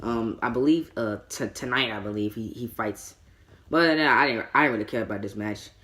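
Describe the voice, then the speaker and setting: A man's voice: medium pitch, brisk, pushed and bright. A man giving a casual spoken show review, rambling with frequent stammered restarts and repeated words, and breaking into exasperated mini-rants.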